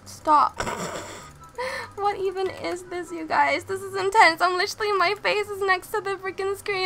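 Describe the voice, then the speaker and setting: A young woman commenting on her own gameplay, excitable, laughing and repeating herself as she plays. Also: very high-pitched, a little slow, faint music behind. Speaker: gaming channel host.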